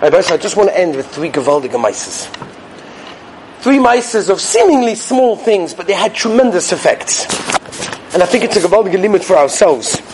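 A man giving a Torah sermon as a rabbi, animated and swinging between loud stresses and hushed asides. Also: high-pitched, moderate pace, a little hiss or hum.

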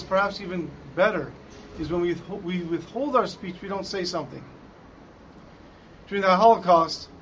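A man with a high voice tells a Torah story in a dramatic way, calling out the quoted lines. The recording sounds dull and lo-fi, with a faint hiss underneath. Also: fairly bright tone. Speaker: Torah teacher.

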